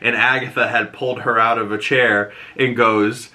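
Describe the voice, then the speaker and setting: Male host, lively recap talker, bright forward tone, acts out the scenes. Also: mid-range voice, normal speed, hardly any pauses. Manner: animated, acts out character lines in voices, laughs often. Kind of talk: casual TV episode recap.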